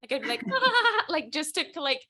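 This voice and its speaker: Energetic woman host on a video call, kinda high voice, dry close sound, says like and dude constantly. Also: quick pace, gravelly, dry recording. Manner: energetic and chatty, heavy use of "like" and "dude". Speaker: host of a weekly sales team call. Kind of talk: casual motivational talk on a video call.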